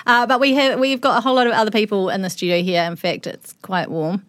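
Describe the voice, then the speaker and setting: A woman's voice: mid-range voice, steady tone, fast, fairly bright tone, dry recording. Bubbly woman hosting a podcast. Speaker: podcast host. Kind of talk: casual group podcast chat. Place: studio with several guests.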